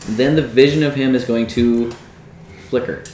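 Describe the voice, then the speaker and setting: A man running a tabletop game as dungeon master, narrating scenes in a low, hushed storytelling voice. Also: fairly even intonation, slow pace, roomy sound, a little hiss or hum, poor audio.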